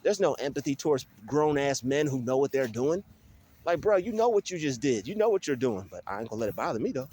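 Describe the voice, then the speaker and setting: A young man vlogging on his phone while walking outdoors in a field, talking in an animated, ranting way with many restarts. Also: mid-range voice, quick pace, husky. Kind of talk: casual vlog monologue. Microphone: phone held while walking.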